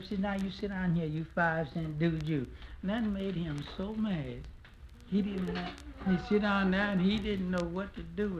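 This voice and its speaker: A man's voice: high-pitched, dull audio. A man, telling a folk tale in a folksy drawl and singing blues. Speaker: folk singer. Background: guitar.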